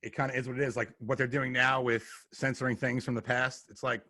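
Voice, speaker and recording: Laid back guy on a podcast, bright sharp voice, dry close mic. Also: medium pitch, level tone, fairly quick, dry recording. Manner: easygoing, rambling, with lots of fillers. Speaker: podcast guest. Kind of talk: casual chat.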